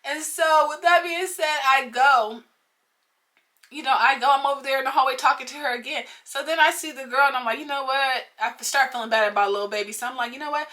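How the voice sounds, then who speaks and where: A woman's voice: high-pitched, a little fast. Fired-up woman ranting through a story. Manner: animated, profane, slangy retelling with outbursts. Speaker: vlogger. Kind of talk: casual storytime venting.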